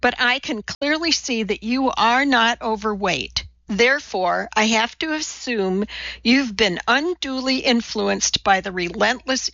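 A woman's voice: fairly high pitch, fairly bright tone, dry recording, lo-fi sound. A woman reading the part of a blunt, precise female scientist lecturing a TV audience.

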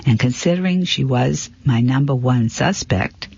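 A man with a husky, mid-pitched voice reads a mystery novel aloud in the first person. His delivery is steady and plain, with the odd slip. The recording sounds dull and lo-fi. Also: moderate pace, dry recording. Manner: plain, steady storytelling with small slips. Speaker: narrator.

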